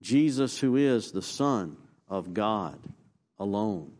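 A male pastor preaching a sermon, asking the congregation questions and rising to emphatic peaks before dropping low. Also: expressive, slow, a little mellow. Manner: call-and-response questions, emphatic rises and low drops.

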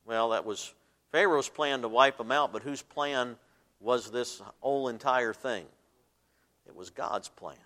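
A man preaching a sermon, swinging between loud emphatic bursts and soft asides, and asking his listeners to fill in the words. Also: mid-range voice, measured pace. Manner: asks the congregation fill-in questions. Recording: long hall reverb.

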